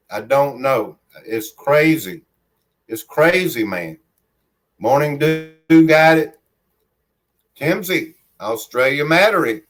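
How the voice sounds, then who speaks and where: Slow-talking Southern man streaming from home. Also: medium pitch. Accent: Southern US country. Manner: rambling and friendly, refers to himself in the third person. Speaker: livestream host. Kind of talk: casual livestream chat, reading viewer comments aloud. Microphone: phone held in hand.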